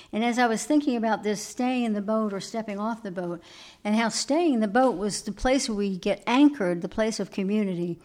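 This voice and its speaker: A woman giving a sermon, telling a story and moving between emphatic lines and hushed asides. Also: medium pitch. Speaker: preacher.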